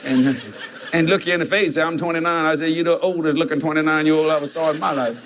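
A man's voice: a little high, fairly even intonation, fast talker, fairly bright tone, a little hiss or hum. A man, preaching a storytelling sermon and jumping into quoted voices with laughter.

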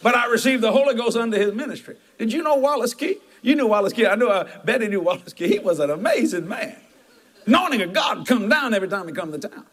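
High-voiced preacher. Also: male voice, animated, quick pace. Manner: folksy storytelling, chuckling, emphatic asides. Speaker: pastor. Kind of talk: sermon.

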